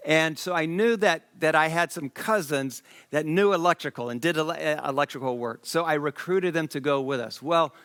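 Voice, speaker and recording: A man preaching a sermon, reading scripture and telling a lively story with quoted dialogue, from Liberia. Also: on the high side, smooth, dry recording. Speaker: pastor. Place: church stage.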